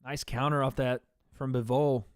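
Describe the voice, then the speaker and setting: Smooth-voiced man doing casual fight commentary. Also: medium pitch, little pitch movement, moderate pace, no room sound, studio quality. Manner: chatty, addresses viewers as guys. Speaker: livestream host.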